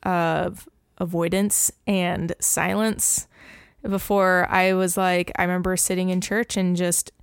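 Smooth-voiced young woman telling stories. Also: fairly low pitch, takes it slowly, no echo, studio quality. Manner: animated storyteller, laughs often, acts out quotes. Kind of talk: casual podcast chat.

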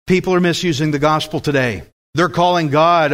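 A man's voice: a little high, brisk, a bit bright. A man preaching a sermon with emphatic delivery, putting questions to the congregation.

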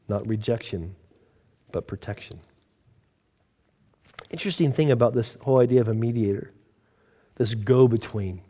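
A man preaching a sermon in a conversational, storytelling way, acting out the characters with lively quotes. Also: medium pitch, brisk, pauses often.

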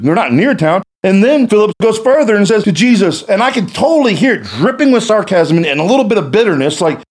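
Male guest speaker; animated, colloquial Bible teacher with a raised, expressive voice. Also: high-pitched, brisk, hardly any pauses. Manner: animated, colloquial, acts out quotes.

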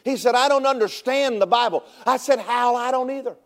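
A man preaching a sermon as pastor, telling stories with animated delivery that rises to shouting at its peaks. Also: extremely high pitch, fairly quick.

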